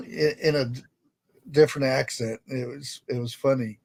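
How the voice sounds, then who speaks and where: A man's voice: a little high, little pitch movement, normal speed, vocal fry, darkish tone. A man in a casual chat, amused as he retells funny videos.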